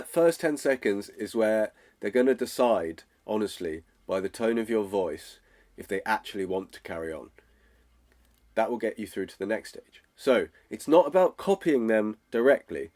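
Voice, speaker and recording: A man's voice: medium pitch, animated, normal speed, darkish tone. A man, teaching sales in a direct, casual way and often checking in with "okay?". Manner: direct, acts out phone calls, checks in with "okay?". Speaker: sales coach.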